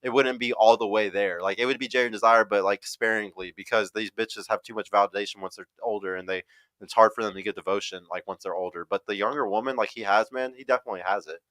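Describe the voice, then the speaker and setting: A man's voice: on the low side, steady tone, fast talker, fairly bright tone, no room sound, rough recording. A man hosting a livestream, reacting to a clip and reading chat comments aloud in a blunt, profane, casual way.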